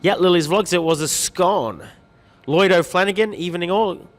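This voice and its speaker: A man's voice: high-pitched, moderate pace, big-room sound. A man hosting a livestream, greeting viewers by name with light jokes in an upbeat chatty way. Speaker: livestream host reading viewer comments. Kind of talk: upbeat live-stream chat.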